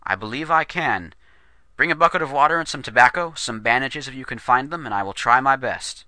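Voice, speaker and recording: A man puts on a composed young Lakota man with a stuffy English accent, every word formal and dignified. The tone stays bright and present, and the recording is close and dry with no room around it. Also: medium pitch, animated, fairly quick, no echo. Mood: solemn. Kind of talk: storytelling character voice.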